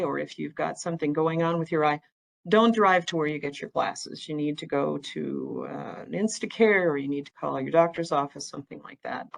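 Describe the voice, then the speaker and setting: A woman's voice: low voice, gravelly, low-quality recording. A woman, giving a plain-spoken, chatty educational talk about eye care as an ophthalmic imager. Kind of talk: informal educational presentation with slides.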